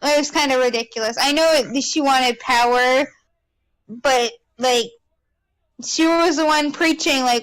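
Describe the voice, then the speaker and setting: High pitched woman chatting on a podcast, casual, kinda trails off. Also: poor audio. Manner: chatty, trails off, quick asides. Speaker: podcast co-host. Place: home with pets.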